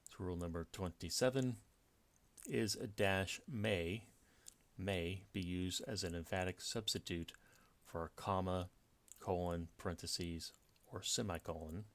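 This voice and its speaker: With a low voice and measured pace, a man teaches punctuation from slides, walking through it step by step amid frequent fillers and restarts. He is a writing teacher giving a grammar lecture.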